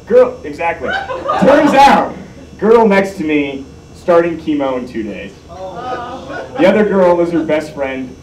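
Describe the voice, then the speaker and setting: A young man telling a comic story on stage, self-mocking and animated, acting out what people said. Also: high voice. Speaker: live storyteller. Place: large hall with live audience. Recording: echoey hall, mic at a distance, audience heard.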